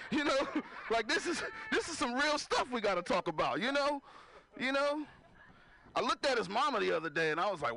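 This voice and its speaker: A man's voice: very high-pitched, sing-song, moderate pace, vocal fry, pushed and bright. A man doing a stand-up comedy set, talking loosely with the crowd and laughing at his own jokes. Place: live comedy venue with audience.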